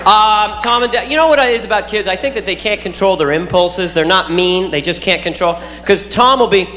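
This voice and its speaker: A man's voice: high voice, fairly quick. A man doing stand-up, playful, chatting with the audience and imitating his kids. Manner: playful, talks to the audience, does silly kid noises. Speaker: stand-up comedian. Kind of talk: stand-up with crowd work. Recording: live club, roomy echo, loud crowd.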